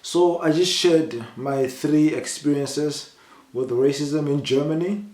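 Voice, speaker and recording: A young South African man tells personal stories to the camera in a casual vlog, speaking slowly in an echoey room. He retells them in an animated way, raising his pitch to voice the people he quotes.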